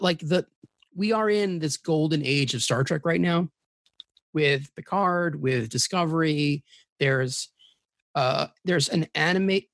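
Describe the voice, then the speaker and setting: A man's voice: fairly high pitch, no room sound, studio quality. A man guesting on a podcast in casual chat, eager and rambling, often restarting his sentences. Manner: rambling, self-correcting, eager.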